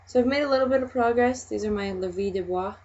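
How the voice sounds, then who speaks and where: A woman's voice: a little high, fast talker, darkish tone. A woman vlogger chatting casually, rambling and hesitant, often trailing off. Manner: rambling, hesitant with many fillers. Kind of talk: casual chat. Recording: dull lo-fi recording.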